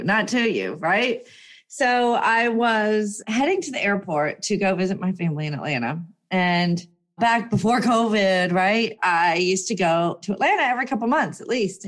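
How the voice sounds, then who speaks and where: A young woman telling a personal story in a casual, animated way, full of fillers and acted-out quotes. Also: mid-range voice. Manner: animated, chatty, lots of fillers and voiced quotes.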